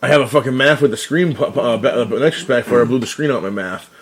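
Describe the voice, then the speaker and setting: A man co-hosts a casual podcast, spinning a loose story full of swearing and laughter. His voice is mid-range and his pace is quick.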